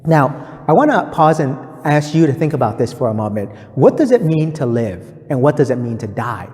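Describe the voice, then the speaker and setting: Earnest male preacher explaining scripture point by point; mellow voice, reverberant room. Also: medium pitch, very animated, normal speed. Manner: earnest, explanatory, often checks in with "right?". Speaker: preacher giving a Bible reflection. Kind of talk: scripted-free sermon teaching in numbered points.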